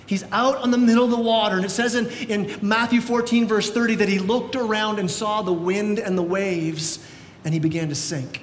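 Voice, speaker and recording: A man preaching a sermon as pastor, telling the story in a lively way and acting out voices, sometimes shouting. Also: normal speed. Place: church sanctuary. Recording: echoey church hall with faint rumble.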